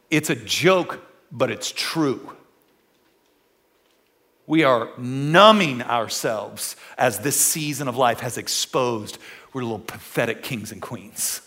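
A man preaching in a church, swinging between emphatic exclamations and hushed, joking asides. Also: mid-range voice. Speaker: pastor. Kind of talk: sermon. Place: church auditorium, indoors.

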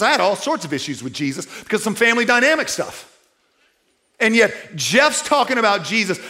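A man's voice: high-pitched, bright, forceful tone. A middle-aged man preaching a sermon in a conversational way, asking his listeners rhetorical questions. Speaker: pastor.

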